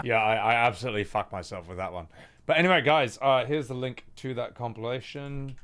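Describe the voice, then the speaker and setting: A man streaming live, arguing with an AI chatbot, excitable and quick to shout with laughter and swear. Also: medium pitch, over music.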